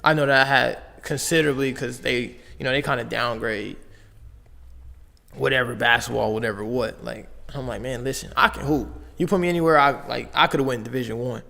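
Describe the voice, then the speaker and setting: Gravelly young man telling stories. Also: medium pitch, a little fast. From Las Vegas, United States. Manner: slangy, animated retelling with frequent "like" and "bro". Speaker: podcast guest. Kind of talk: casual storytelling. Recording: long reverb on the voice.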